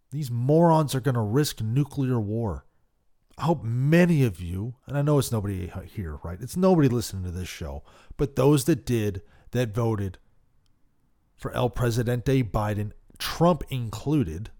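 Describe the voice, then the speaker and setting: A man hosting a podcast, giving passionate political commentary that swings from loud outbursts to quiet worry. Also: on the low side. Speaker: podcast host.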